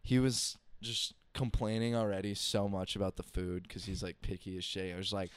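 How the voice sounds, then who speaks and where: Brief: loud, rambling podcast co-host, Swedish native speaker, smooth and clear tone. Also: male voice, moderate pace, hardly any pauses, no echo. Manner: loud, excitable storyteller breaking into high shrieks. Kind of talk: casual chat.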